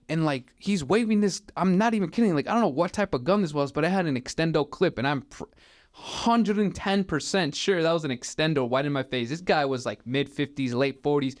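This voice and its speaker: A man's voice: fairly high pitch, moderate pace, no echo, studio quality. A young man in his twenties on a podcast, telling stories in a loose, rambling way with plenty of "like" fillers. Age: 20s. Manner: rambling, filler-heavy storytelling with many "like"s. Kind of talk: casual podcast chat.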